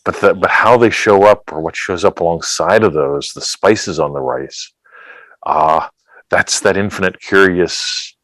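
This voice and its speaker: A man with a very deep voice hosting a relaxed conversation. He rambles playfully from one thought to the next, recorded dry and close. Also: unhurried, dry recording, low-quality recording. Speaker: host. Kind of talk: casual conversation.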